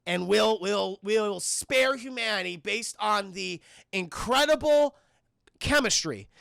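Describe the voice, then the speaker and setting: A man voicing the plants and the wind in a slow, grand, mock-solemn pronouncement. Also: high-pitched, lively intonation, gravelly, fairly bright tone, no echo, clean studio sound, exaggerated voice.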